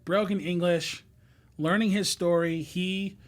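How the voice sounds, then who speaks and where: A man's voice: sits high, fairly even intonation, measured pace. A man telling stories as a podcast guest, talking casually with lots of fillers and restarts and laughing as he goes. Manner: rambling, many fillers and restarts. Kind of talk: casual storytelling chat.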